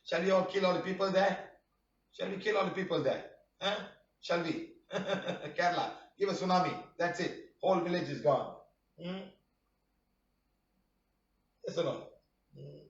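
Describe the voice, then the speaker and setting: A man's voice: high-pitched, moderate pace, pauses often. A man teaching a healing workshop who scolds his students and fires off rhetorical questions, often prodding them with "huh?". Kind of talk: live online workshop talk. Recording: roomy, distant, dull-sounding mic.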